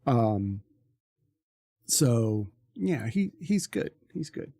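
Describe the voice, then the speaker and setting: A man's voice: medium pitch, very animated, very slow, creaky, warm tone, husky. A man, a streamer, telling a story in casual chat, rambling with many ums and restarts.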